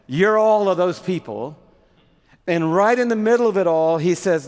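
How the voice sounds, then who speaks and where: A man's voice: fairly high pitch, sing-song, moderate pace. A man preaching a sermon in an earnest, conversational way, with a long hall reverb behind him.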